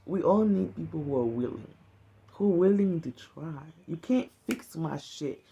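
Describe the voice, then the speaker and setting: A woman's voice: low-pitched, expressive, a little slow, creaky, mellow, muffled recording. A woman speaking to camera in a casual, earnest, heartfelt monologue. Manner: earnest, conversational, emphatic. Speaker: vlogger.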